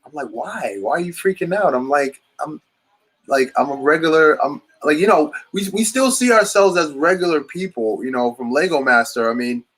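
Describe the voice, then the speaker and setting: A man's voice: fairly high pitch, expressive, normal speed, fairly bright tone. A man hosting a casual chat, talking in long rambling runs with many restarts. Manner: rambling, restarts often, enthusiastic. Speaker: podcast host.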